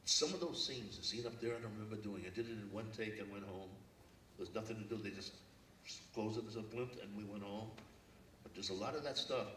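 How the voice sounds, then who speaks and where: An older man from Brooklyn speaks earnestly from a stage, telling stories in a low voice. He sounds far from the mic, and the big hall echoes around him. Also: a bit bright, slight background noise. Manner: reflective, storytelling, earnest. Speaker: guest speaker. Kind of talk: public forum talk. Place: lecture hall.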